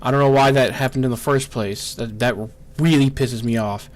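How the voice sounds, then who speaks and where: A streamer speaking at a medium pitch with fairly even intonation narrates his gameplay live. When things go badly he curses in frustration and fires off "no" in quick succession.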